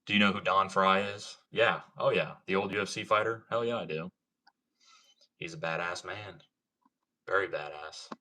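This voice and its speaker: Low-voiced, bright-toned man chatting on a livestream. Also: moderate pace. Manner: laid-back, profane, slangy, lots of "like" and "bro". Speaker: livestream host. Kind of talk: casual livestream storytelling and chat.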